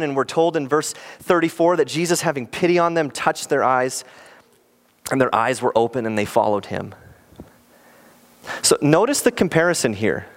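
A man preaching as a pastor in an earnest, animated sermon, often acting out quoted lines. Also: fairly high pitch.

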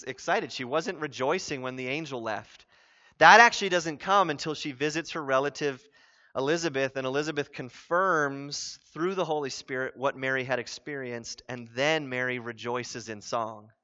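High-voiced pastor preaching conversationally. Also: male voice. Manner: conversational, earnest, animated. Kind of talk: sermon. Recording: dull lo-fi sound.

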